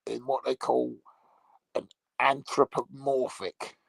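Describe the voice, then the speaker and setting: A man playing a crude male troll, delivering a rambling, swear-filled comedy monologue in a gravelly, husky voice. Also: medium pitch, little pitch movement, slow pace, no echo, exaggerated voice, low-quality recording.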